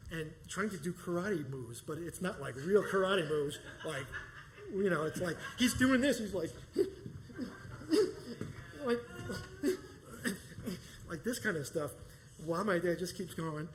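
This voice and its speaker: Animated man telling a story on stage. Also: a little high, slight background noise, rough recording. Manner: animated, profane, laughing often. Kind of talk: live personal storytelling. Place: performance space stage.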